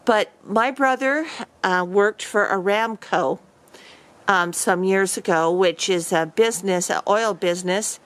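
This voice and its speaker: A woman vlogger casually telling a story to camera, rambling with many fillers and restarts. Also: medium pitch.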